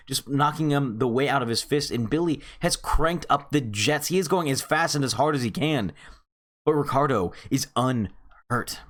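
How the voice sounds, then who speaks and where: A man's voice: fairly high pitch, a bit bright. A man reviewing a comic chapter in a casual recap, telling the story with animation and calling his viewers friends.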